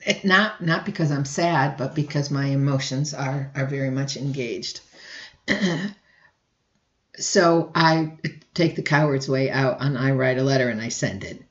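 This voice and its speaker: A woman instructor giving a recorded lecture, often clearing her throat and restarting sentences. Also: a bass voice, unhurried, roomy sound, lo-fi sound. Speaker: college instructor.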